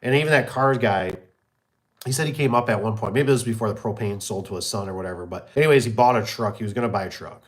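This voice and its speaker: A man's voice: on the low side, fast. A man telling rambling stories about his business in a casual live chat, often repeating himself and acting out the people he quotes. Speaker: small business owner hosting a live stream. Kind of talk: casual storytelling.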